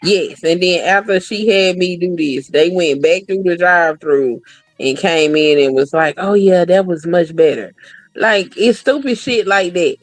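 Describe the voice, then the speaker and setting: A woman's voice: fairly low pitch, unhurried, no room sound, faint music behind. A woman co-hosting a casual talk show, telling blunt, profane stories from her working life. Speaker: podcast co-host. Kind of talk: casual chat.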